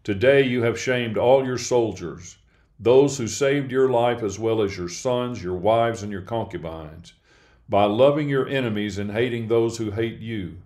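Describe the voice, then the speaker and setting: A man's voice: mid-range voice, unhurried, a little mellow, lightly acted. A man reading the lines of a stern army commander who rebukes his king bluntly. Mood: rebuking.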